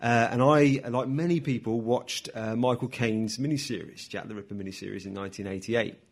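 A man's voice: mid-range voice, fairly even intonation, a little fast, gravelly. A man giving a chatty, self-deprecating talk as guest speaker to a live audience in a hotel function room, with frequent ums and asides.

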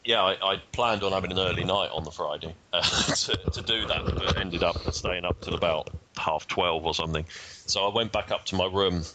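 A man's voice: low voice, moderate pace, sharp tone, a little hiss or hum, poor audio. A man in casual podcast chat, telling a rambling, self-deprecating story. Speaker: guest speaker.

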